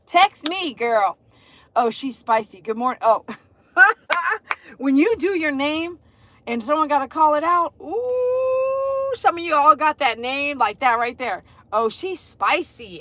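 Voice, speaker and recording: A middle-aged woman hosts a casual livestream. Her voice sits high, and she gushes over her viewers, calling out names and leading bouncy chants. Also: pushed and bright, no room sound. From Texas. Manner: effusive, greets viewers by name, sing-song chants. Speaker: dog groomer and livestream host.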